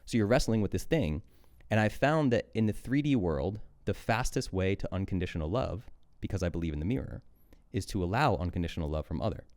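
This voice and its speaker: A man's voice: low-pitched, lively intonation, brisk, hardly any pauses, a little mellow. A man in his thirties, a podcast guest and coach, talking candidly and intensely, swearing freely. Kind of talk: candid conversational monologue.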